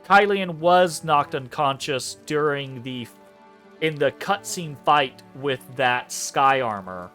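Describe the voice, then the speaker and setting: Casual, slightly high-voiced male gamer. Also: animated, slow pace, sharp tone, faint music behind. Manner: casual, swears, laughs at the script. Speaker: let's play host. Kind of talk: gameplay commentary, reading dialogue aloud.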